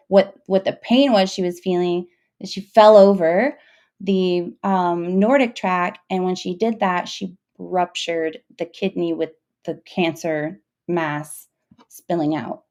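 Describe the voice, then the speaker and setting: A woman's voice: lowish voice, gravelly, warm tone. Emotional mother telling a hard story. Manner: emotional, halting, with many fillers and restarts. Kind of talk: casual personal storytelling.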